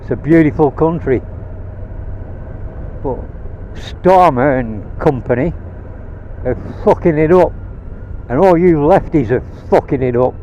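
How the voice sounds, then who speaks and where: Vlogger riding a motorbike, man from Rhodesia, blunt and profane, a mellow tone pitched a touch high, dull helmet-mic sound. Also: a little slow, long pauses, a little hiss or hum. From Rhodesia (now Zimbabwe). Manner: heated, swearing, blunt. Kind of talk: angry rant while riding. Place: on a motorbike outdoors.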